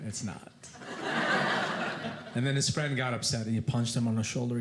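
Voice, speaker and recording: A man with a foreign accent doing animated stand-up storytelling with deadpan asides on a comedy club stage. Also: mid-range voice, normal speed, very noisy. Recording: echoey club with loud laughter.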